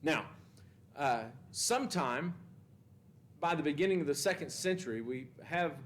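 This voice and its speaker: A man leads a Bible class in a church classroom. His voice sits a little high for a man, and he reads scripture with emphasis and puts questions to his students. A soft rumble runs faintly underneath. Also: animated, unhurried.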